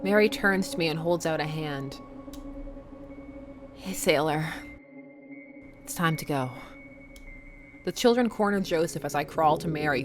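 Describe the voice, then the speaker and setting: Woman reading a dating game aloud, low voice, wry little asides, faint music behind. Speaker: let's play host.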